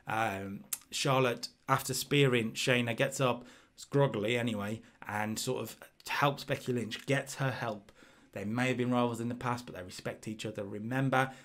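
A man with a mid-range, fairly bright voice casually commentates his own let's-play of a wrestling management game. He's chatty, full of restarts and fillers, and reads the scores out as he goes.

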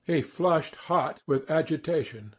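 A man narrating a classic novel as an audiobook, in a measured, even storytelling manner. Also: a little high, breathy edge.

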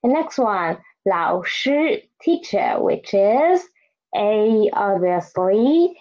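A woman's voice: medium pitch, big pitch swings, extremely slow, a little mellow, dull audio. A woman teaching an online Chinese lesson, saying new words twice and asking learners to repeat after her.

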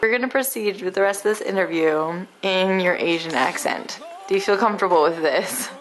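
A woman's voice: medium pitch, brisk. Giggly young woman in an echoey room. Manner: gushing, giggly, full of fillers. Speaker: interviewer and friend giving a birthday tribute. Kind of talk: casual birthday video message. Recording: very echoey room, far from the mic, music playing.

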